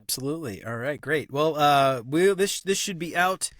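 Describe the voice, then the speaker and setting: A man hosting a podcast, chatty and upbeat, stammering into quick restarts. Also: on the high side, expressive, fairly bright tone, no room sound, studio quality. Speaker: podcast host. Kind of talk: casual conversational interview.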